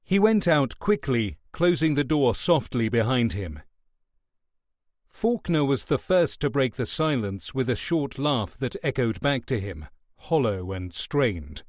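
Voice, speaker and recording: Male audiobook narrator, expressive reading, lively pitch, dry close sound. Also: a little slow, no room sound. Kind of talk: scripted narration.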